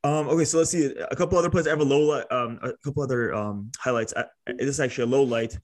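Fast-talking rambling male podcaster. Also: medium pitch. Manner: rambling, full of fillers, swearing. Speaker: podcast co-host. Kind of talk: casual sports chat.

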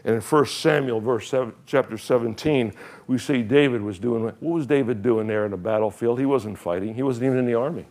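A man's voice: medium pitch, brisk, darkish tone. A middle-aged male pastor preaching a sermon, animatedly retelling Bible stories and acting out the characters' lines with frequent laughter.

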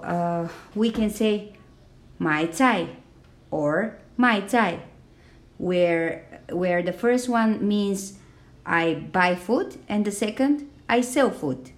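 Slow-speaking woman. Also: lowish voice, a little mellow. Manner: slow and careful, with many fillers, modelling tones aloud. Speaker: language teacher. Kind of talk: podcast lesson.

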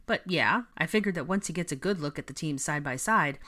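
A woman voicing a relaxed, teasing young man who jokes with his friend. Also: deep voice, brisk.

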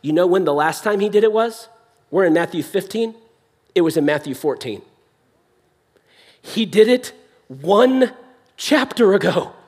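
A man's voice: sits high, animated, measured pace, pauses often, a little mellow. A young adult man preaching a sermon in a church hall, impassioned yet conversational.

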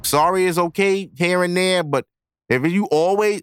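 A man's voice: a little high, animated, unhurried, a bit bright, clean tone, dry recording, clean studio sound. A young man hosting a podcast, giving blunt, profanity-laced advice in a casual monologue. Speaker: podcast host.

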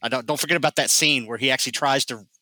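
A man's voice: medium pitch, racing, pushed and bright, no room sound, rough recording. A man co-hosting a casual movie podcast, explaining plot points emphatically in an easygoing way. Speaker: podcast co-host. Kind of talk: casual movie review chat.

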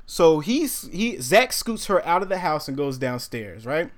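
Young guy telling a wild story on a podcast, kinda high voice, does all the voices. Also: a little slow. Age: young adult. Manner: animated storyteller acting out quotes. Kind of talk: casual storytelling chat.

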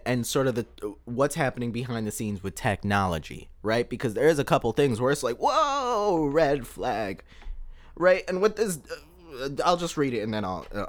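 Excitable, animated male podcast host. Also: mid-range voice, fairly quick. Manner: excitable, emphatic, repeats words for effect. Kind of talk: solo podcast commentary. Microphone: podcast microphone.

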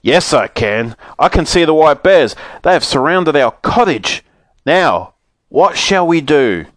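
A man's voice: a little high, big pitch swings, measured pace, fairly bright tone, no echo, voice pushed up. A man doing a big mournful father bear. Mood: alarmed.

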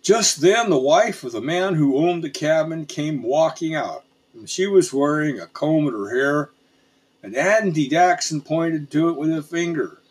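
A man narrating a frontier tall tale in a folksy, unhurried storytelling manner. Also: on the high side, husky.

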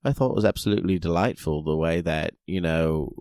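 A man's voice: sits low, darkish tone, clean tone, no echo, clean studio sound. A man putting on an exaggerated British accent, playing a chirpy, gushing chatterbox in a casual podcast joke. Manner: overdone put-on British accent, quick and chirpy.

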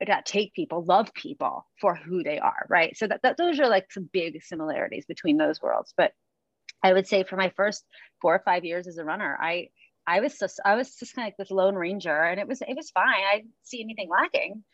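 A chatty woman tells stories in a loose, rambling way, laughing between thoughts and acting out what people said. Her voice sits in a middle pitch, recorded close and dry with slightly dull, muffled sound. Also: a little fast, dry recording. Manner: chatty storyteller, laughs often, acts out quotes. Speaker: running coach and podcast host. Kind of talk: casual chat.

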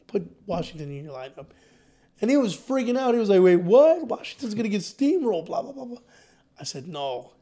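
A man co-hosting a podcast, telling stories in a casual, excitable sports chat. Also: a little high. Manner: excitable, storytelling. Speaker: podcast co-host.

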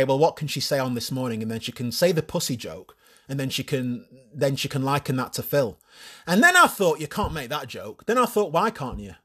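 Crude, casual podcast host. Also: male voice, medium pitch, a bit bright, slightly rough. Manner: casual, crude, swears freely, self-mocking. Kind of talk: solo podcast chat.

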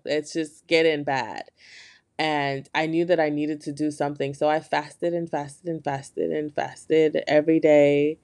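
A podcast host talking casually and candidly to listeners, earnest and full of "like", slangy and animated when upbeat. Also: medium pitch, clear, resonant tone. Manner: earnest, candid, heavy on filler "like". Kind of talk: casual solo podcast talk.

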